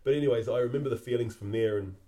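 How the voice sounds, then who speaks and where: A middle-aged man, hosting a podcast and telling a personal memory in a halting, reflective way that often repeats words. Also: medium pitch, warm tone. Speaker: podcast host.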